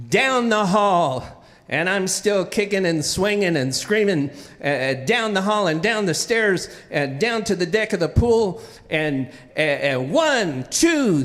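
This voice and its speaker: Animated male storyteller, high voice. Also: long reverb tail. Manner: animated comic storytelling with sound-effect interjections. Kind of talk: personal storytelling performance.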